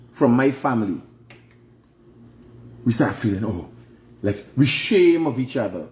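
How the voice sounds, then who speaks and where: A man's voice: medium pitch, expressive, measured pace, pauses often, a little mellow. A middle-aged Guyanese man hosting a casual livestream, lecturing emphatically and firing off rhetorical questions. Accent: Guyanese Creole English. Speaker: online show host. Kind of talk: preachy casual livestream monologue.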